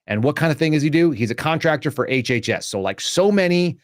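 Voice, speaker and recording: A man's voice: fairly high pitch, expressive, quick pace, dry recording, clean studio sound. A man hosting a podcast, delivering sarcastic, combative political commentary. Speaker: podcast host.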